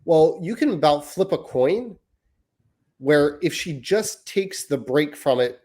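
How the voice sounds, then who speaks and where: With a fairly high, slightly mellow voice, this man in his thirties talks slowly and animatedly as a parenting podcast co-host, working through ideas in long, winding, hedged sentences during a casual chat.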